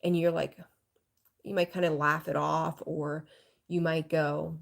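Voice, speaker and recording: Blunt, gravelly-voiced woman reading tarot. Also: on the low side, steady tone, a little slow. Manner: frank, rambling, swears casually, greets viewers. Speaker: tarot reader.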